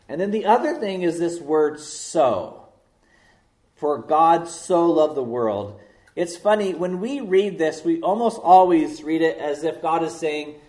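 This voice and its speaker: A man preaching a sermon as pastor, slow and deliberate, leaning hard on key words. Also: fairly high pitch, a little mellow, roomy sound.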